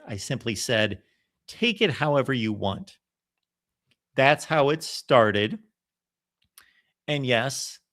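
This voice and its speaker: A man hosting a college football channel, talking in a casual, emphatic live-stream monologue and acting out what others said. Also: medium pitch. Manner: animated, emphatic, quotes others in voices.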